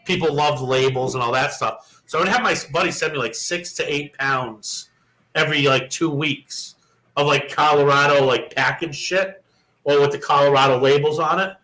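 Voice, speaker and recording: Casting: young adult male co-host, a bit high and very bright, profane, animated storyteller. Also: moderate pace, poor audio. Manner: profane, animated storyteller who acts out quoted dialogue. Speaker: podcast co-host. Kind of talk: casual storytelling chat.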